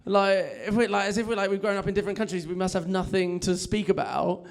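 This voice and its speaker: A man's voice: high voice, level tone, quick pace. A young English man doing stand-up, chatty and self-mocking, laughing at his own jokes in front of a club audience. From England. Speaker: stand-up comedian. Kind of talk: stand-up set. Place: comedy club with a live audience.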